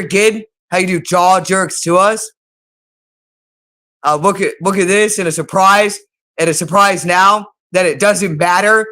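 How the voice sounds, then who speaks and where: A woman's voice: on the low side, a bit bright. A woman hosting her own channel, ranting unscripted to camera in an agitated, repetitive way with heavy swearing. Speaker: channel host.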